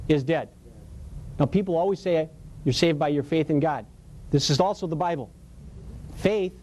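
Preacher, male, high mellow voice, casual and emphatic sermon delivery. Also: a little hiss or hum. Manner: storytelling, emphatic, colloquial, laughs often. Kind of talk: conversational sermon.

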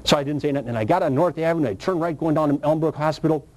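A man preaching a sermon and telling his own testimony, with animated storytelling and sudden high, excited bursts. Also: racing, low-quality recording.

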